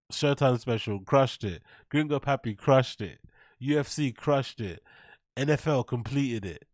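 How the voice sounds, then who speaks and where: A man hosts a reaction show, picking apart a clip with sneering sarcasm and a steady stream of profanity. His voice sits at a middle pitch, recorded dry and close with no room sound. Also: unhurried, dry recording. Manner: mocking, sarcastic, swears a lot. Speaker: commentary show host. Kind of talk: reaction commentary.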